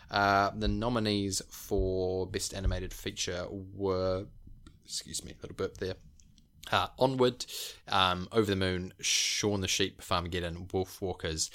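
A low-pitched man co-hosts a casual podcast. He rambles eagerly from topic to topic, padding his talk with fillers and restarts. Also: a bit bright. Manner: rambling, enthusiastic, many fillers. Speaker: podcast co-host.

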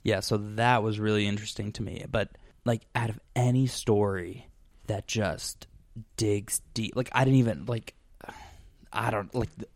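A man's voice: fairly low pitch, fairly even intonation, normal speed, no room sound, studio quality. A man hosting a podcast in casual chat, rambling with lots of fillers and restarts. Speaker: podcast host.

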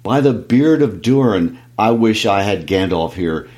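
A man's voice: low-pitched, animated, normal speed. A man voicing an angry, proud dwarf king while reading a book aloud, raising his voice in threats. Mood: furious. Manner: shouting, raised voice, threatening. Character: furious proud dwarf king, gruff male.

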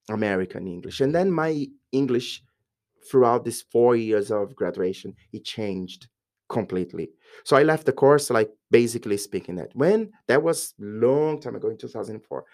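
Brazilian-accented man telling lively stories. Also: mid-range voice. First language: Portuguese. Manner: lively storyteller who acts out quoted voices. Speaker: guest, English teacher. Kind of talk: casual podcast interview.

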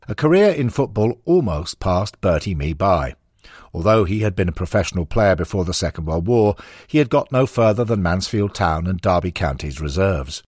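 Male audiobook narrator, low and husky, measured storytelling, dry close recording. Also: animated, a little mellow, dry recording.

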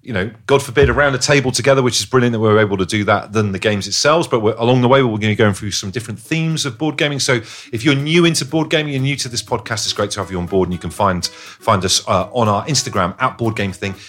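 A man's voice: mid-range voice, fast, hardly any pauses, fairly bright tone, soft background music. A man hosting a podcast in casual chat, upbeat and full of questions, keeping the peace. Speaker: podcast host.

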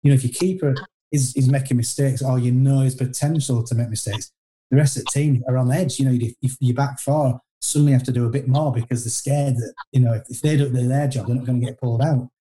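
Middle-aged man, deep dark timbre, casual rambling storyteller, ex-player interview guest. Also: steady tone, fast talker. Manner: rambling anecdotal, frequent restarts, self-deprecating. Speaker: former footballer guest.

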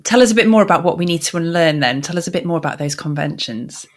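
Woman interviewer with a lowish voice. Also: animated, quick pace. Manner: brief encouraging prompts and questions. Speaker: podcast interviewer. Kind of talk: podcast interview questions.

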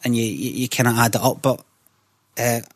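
Scottish guy telling a story, swears a lot, animated, dry close sound. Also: mid-range voice, normal speed, dry recording. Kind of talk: casual storytelling.

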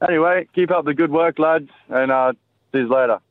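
A chatty Australian man with a fairly high voice, leaving a crude voice message. The sound is dry and tinny, like a phone line. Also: fairly quick, no room sound. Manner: crude, chatty, swears freely. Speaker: caller. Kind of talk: recorded voice message.

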